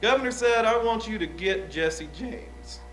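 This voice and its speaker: A man's voice: high-pitched, expressive, moderate pace, bright, forceful tone, soft background music. A man playing a young, uneducated outlaw on the witness stand, talking in a folksy, rambling, hesitant way. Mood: guarded. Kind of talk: improvised courtroom drama.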